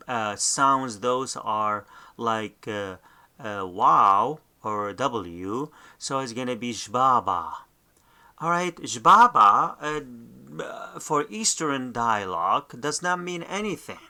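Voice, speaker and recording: Slow, halting man teaching a language. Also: mid-range voice, pushed and bright, smooth. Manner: slow, halting, many fillers and restarts. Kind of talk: unscripted lesson.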